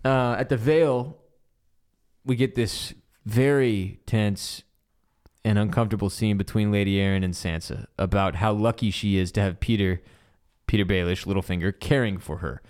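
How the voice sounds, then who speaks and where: A man co-hosting a podcast, casually recapping a TV episode with lively retelling and bits of swearing. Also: fairly low pitch, moderate pace, smooth. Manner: animated retelling, acts out character quotes, swears casually. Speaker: podcast co-host.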